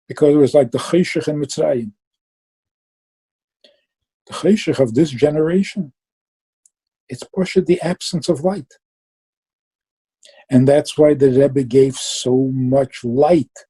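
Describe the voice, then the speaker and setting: Dark, husky-voiced man giving a Chassidic talk. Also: medium pitch, low-quality recording. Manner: lively storytelling, mixing Yiddish and Hebrew terms. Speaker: Chassidic teacher.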